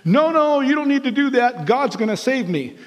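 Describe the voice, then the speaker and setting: Guy voicing a stubborn flood victim, pitched way up, big echoey hall. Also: sing-song, normal speed. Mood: pleading. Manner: pleading, stubborn, rising to high strain. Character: desperate stranded man in a flood.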